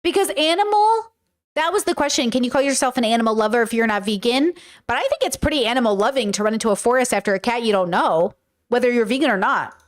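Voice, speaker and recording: A young woman hosting a casual livestream, telling animated, profane stories and reading chat. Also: on the high side, quick pace. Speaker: streamer host.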